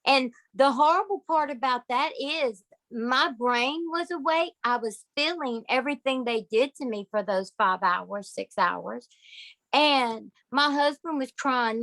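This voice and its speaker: A woman's voice: high-pitched, animated, a little slow, fairly bright tone, no room sound. A woman telling a personal story in a folksy, emphatic way, speaking straight to her listeners. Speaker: guest sharing testimony.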